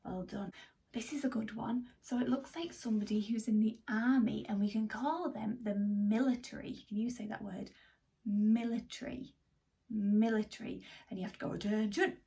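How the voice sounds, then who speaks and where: A woman teaching a children's phonics lesson, animated and exaggerated, with gasps and whispered asides. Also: on the high side, brisk, vocal fry, distant mic.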